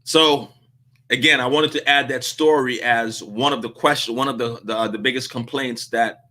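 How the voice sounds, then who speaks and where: A man hosting a business vlog, telling a story in a casual, animated way and acting out the dialogue. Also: medium pitch, normal speed. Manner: animated, laughs through his story, acts out dialogue. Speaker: vlog host on business advice.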